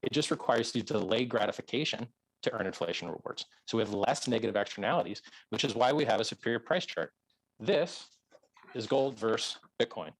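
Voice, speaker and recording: An emphatic man arguing in a live-streamed debate, hammering his points with repetition. His voice is low, and the close mic sounds dry with no room around it. It clips when he gets loud. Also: expressive, a little fast, no echo, rough recording. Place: outdoors.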